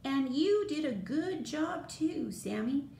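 A woman voicing a cheerful female owl schoolteacher in a storybook, with a high, bright, praising voice. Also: animated, takes it slowly, vocal fry, full character voice. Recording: roomy echo, faint noise.

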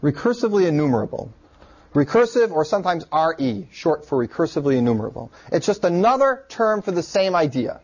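A man teaching a computer science class in a relaxed, joking way. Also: fairly high pitch, a little fast, husky. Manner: relaxed and joking, with filler words. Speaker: lecturer. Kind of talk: classroom lecture. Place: lecture room. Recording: dull lo-fi classroom recording.

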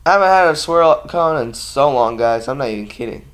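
A man's voice: mid-range voice, expressive, a little fast, a bit bright. A man chatting casually to his viewers in a home vlog, rambling and sleepy, with lots of ums and restarts. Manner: sleepy, yawning. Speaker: vlogger.

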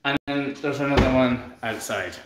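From a room in his newly built house, a relaxed Scottish hoof trimmer who hosts a channel works through viewer comments on a live stream, chatting and joking at his own expense. His voice sits at an ordinary middle pitch and moderate pace, with a noticeable echo and a noisy background.

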